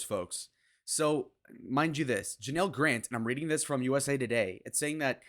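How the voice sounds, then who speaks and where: Dude doing a crude blunt rant on his channel, loud mocking bits then low mutters, mid pitch. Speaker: commentary channel host. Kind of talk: casual opinion commentary.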